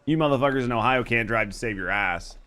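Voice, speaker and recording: Streaming a game, a Southern-accented man keeps up a casual live chat with his viewers, cracking jokes and cursing without restraint. He talks quickly in a medium-pitched, sharp-toned voice.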